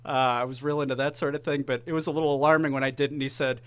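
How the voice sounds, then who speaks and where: A man co-hosting a casual sports podcast, excitable and jokey, often breaking into laughter. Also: mid-range voice, racing, clean tone. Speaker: podcast co-host.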